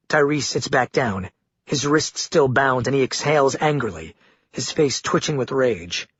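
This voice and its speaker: Male audiobook narrator, husky and measured, dull dry lo-fi take. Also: medium pitch, expressive, no echo. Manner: measured, dramatic reading.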